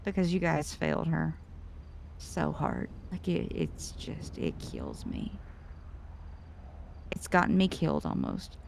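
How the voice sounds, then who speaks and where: A woman's voice: sits low, huge pitch swings, slow pace, vocal fry, long pauses, noisy background. A woman in a roleplay scene, venting in an upset way and swearing. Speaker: roleplay character. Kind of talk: in-character roleplay chat.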